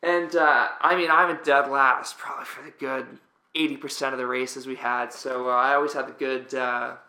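The guest is a young professional volleyball player from Canada, casually telling stories with rambling fillers and false starts. He has a medium-pitched, sharp voice, a level tone and a normal speed. The audio carries a roomy echo.

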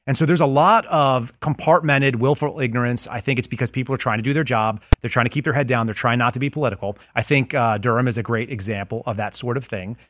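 A man's voice: mid-range voice, fast talker, hardly any pauses, a bit bright, dry recording, clean studio sound. A man who is a former federal agent, a guest in a casual interview, explaining things with anecdotes and analogies.

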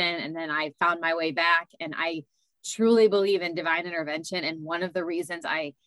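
Calm woman host, dry close sound. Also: on the low side, dry recording. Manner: calm, measured and affirming. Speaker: podcast host and author, autism parent. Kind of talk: interview conversation.

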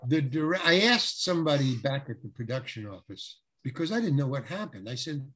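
This male actor recounts an anecdote with animation during an interview, doubling up words and playing out the voices of those he quotes. His mid-range voice is slightly rough, and his delivery is a bit quick.

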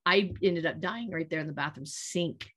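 A woman's voice: fairly low pitch, moderate pace. Candid, laughing woman in her late thirties. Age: late 30s. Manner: candid, animated storytelling with laughs and profanity. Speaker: podcast co-host. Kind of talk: casual chat.

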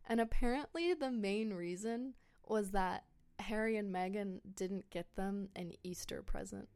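A woman's voice: medium pitch, a little slow, darkish tone, smooth. A woman hosting a podcast in casual chat, gossipy and incredulous, with many fillers and short laughs. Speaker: podcast host.

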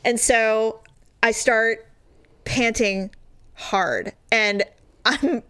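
A woman in casual chat, telling an animated story, laughing and swearing freely. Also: fairly high pitch, extremely slow, clear, resonant tone.

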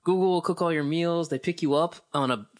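A man in casual chat, rambling with wry, low asides. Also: brisk.

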